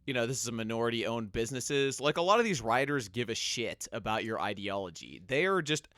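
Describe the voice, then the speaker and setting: A man's voice: medium pitch, expressive, brisk, fairly bright tone, dry recording. A laid-back man talks casually on a podcast, agreeing often and swearing now and then. His voice is recorded dry and close, with no room sound around it. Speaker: podcast co-host. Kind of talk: casual political chat.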